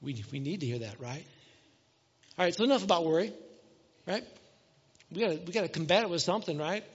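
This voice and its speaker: A man's voice: a little high, expressive, a little fast, slightly rough. A middle-aged man preaches a sermon in a casual, conversational way. He keeps asking the congregation questions and acts out little household scenes. The recording is dull and muffled. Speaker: pastor. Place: church hall. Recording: dull sound with long hall reverb.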